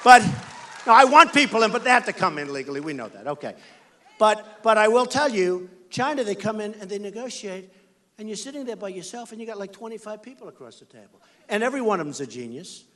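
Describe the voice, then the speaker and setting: A man's voice: high-pitched, big pitch swings, fast talker, sharp tone. An American man giving an emphatic, repetitive campaign rally speech as a political candidate on a stage microphone in a large indoor venue.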